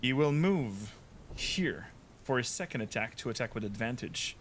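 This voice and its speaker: A man serving as game master for a tabletop game. He talks at a middling pitch, chatty and quick to laugh, with sound effects along the way. Faint ambient noise runs underneath. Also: lively intonation.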